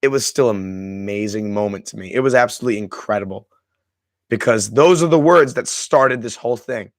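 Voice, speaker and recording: A man with a fairly low voice talks a little fast on a dry recording. He's a streamer hosting a live stream, going over a film with his chat in an effusive, emotional way and restarting often.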